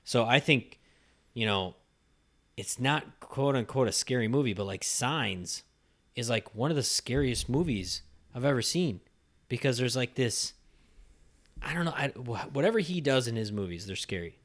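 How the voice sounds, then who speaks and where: A man's voice: medium pitch, lively intonation, moderate pace. A man co-hosting a podcast in casual chat, rambling and full of fillers. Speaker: podcast co-host.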